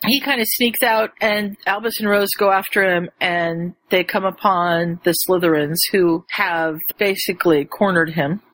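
A woman's voice: normal speed, hardly any pauses, poor audio. Chatty woman retelling a story. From rural area with chicken farms. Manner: animated storyteller, jumps into high voices for quoted characters. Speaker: podcast co-host retelling a story. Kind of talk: casual chat.

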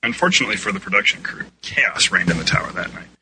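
A man reads a storybook narration with plenty of lift and fall in his voice, bright and cutting in tone. Behind him there's a faint steady hiss from a home recording. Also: deep voice, fast, rough recording. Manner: lively, expressive reading. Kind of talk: storybook narration in an amateur audio play.

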